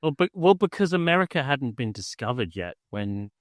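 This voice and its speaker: A man's voice: medium pitch, sing-song, normal speed, no room sound. Male podcast co-host with a mid-range voice, an easygoing rambling delivery and a dry recording. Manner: rambling, full of "like" and restarts, enthusiastic. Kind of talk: casual film-review chat.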